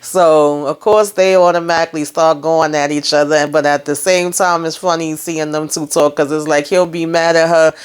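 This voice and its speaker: A woman's voice: sits low, normal speed, hardly any pauses, clean tone. A woman giving a casual, slangy spoken recap of a TV episode, retelling scenes and acting out the lines with frequent laughs. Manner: animated slangy retelling, acts out quotes, laughs often. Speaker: TV recap reviewer.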